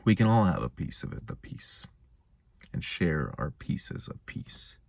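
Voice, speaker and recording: A man's voice: deep voice, sing-song, measured pace, creaky, a little mellow, dry recording. A young man hosting his own show, musing in a laid-back, rambling way. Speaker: host. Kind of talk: casual monologue.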